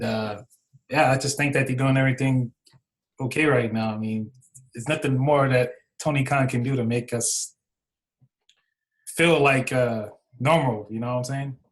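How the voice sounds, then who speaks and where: A man co-hosting a casual podcast, speaking in a relaxed, unhurried way. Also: medium pitch, poor audio. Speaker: podcast co-host.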